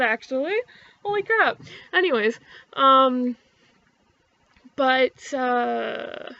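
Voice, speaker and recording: A woman's voice: high-pitched, measured pace, creaky, pauses often, pushed and bright, muffled recording. Rambling Canadian woman with a swearing habit. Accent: Ottawa-area Canadian. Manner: rambling, swears often, many fillers and restarts. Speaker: vlogger. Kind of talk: casual chat to camera.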